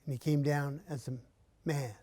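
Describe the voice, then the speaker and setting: A man performing a traditional story in an arts center, measured and unhurried, with long pauses and often dropping to a soft voice. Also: a little high, steady tone.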